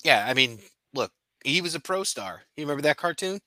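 Male podcast co-host, bright tense tone, dry close mic, loose profane rambling chat. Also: a little high, big pitch swings, fairly quick, dry recording. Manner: laughing, profane, rambling with restarts. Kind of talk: casual chat.

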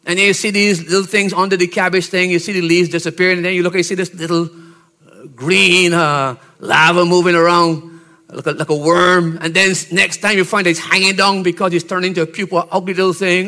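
Man preaching a sermon, kinda high voice, keeps asking "see?", gets real loud and punchy. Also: steady tone, brisk. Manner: teacherly, checks in with "Okay?" and "See?"; builds to loud, emphatic shouted exhortation. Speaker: pastor. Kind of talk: expository sermon.

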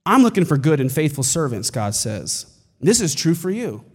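A male pastor with a high voice delivers an emphatic sermon that climbs to shouted peaks. His words ring out with a long reverb, as from a large church hall. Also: very animated, normal speed, slightly rough. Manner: emphatic preaching, building to shouts.

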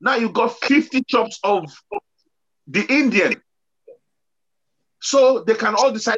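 A man's voice: sits high, animated, slow pace, pauses often, fairly bright tone, muffled recording, a little hiss or hum. A man hosting a casual panel discussion, telling stories animatedly and laughing as he goes. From UK-based. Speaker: host.

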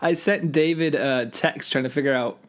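A man's voice: on the high side, normal speed. A man hosting a podcast in casual chat, rambling and laughing often. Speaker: podcast host.

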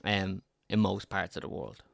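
A man's voice: low voice, lively intonation, moderate pace, vocal fry, no echo, studio quality. A young man co-hosting a podcast, telling a story in casual, rambling chat with many stop-start restarts. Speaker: podcast co-host.

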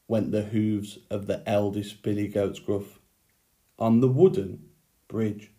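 Slow expressive male teacher. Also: fairly low pitch. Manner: slow, clear, expressive storytelling. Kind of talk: reading a story aloud to children, then a handwriting lesson.

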